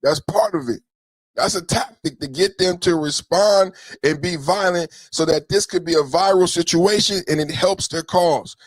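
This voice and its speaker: A man's voice: on the high side, moderate pace, dry recording. A man hosting a reaction podcast, rambling through a ranting argument and repeating his phrases as he goes. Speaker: podcast host.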